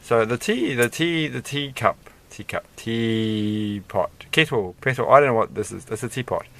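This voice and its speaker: A man's voice: mid-range voice, expressive, a little fast, vocal fry, fairly bright tone. A man chatting casually and rambling with amused asides while building a Lego set.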